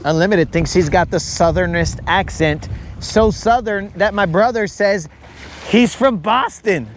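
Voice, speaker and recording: A man's voice: sits high, steady tone, a little hiss or hum. A man hosting a live fishing stream from a boat, chatting casually with his viewers and teasing them by name. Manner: joking, talks to viewers by name, drawn-out asides. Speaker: fishing livestream host. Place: on a boat on a lake outdoors.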